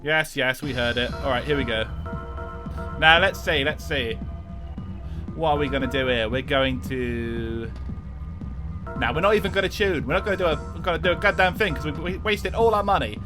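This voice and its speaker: A man's voice: a little high, moderate pace, music in the background, lightly acted. A man putting on a jokey Cockney accent while streaming a racing game, with hammy, boisterous banter. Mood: cheeky. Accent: put-on Cockney.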